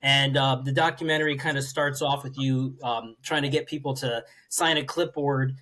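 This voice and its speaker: A man's voice: medium pitch, steady tone, normal speed, bright, forceful tone. A man co-hosting a podcast, asking a long, loose question with many fillers. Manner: rambling, filler-heavy questioning. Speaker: podcast co-host. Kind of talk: casual interview question.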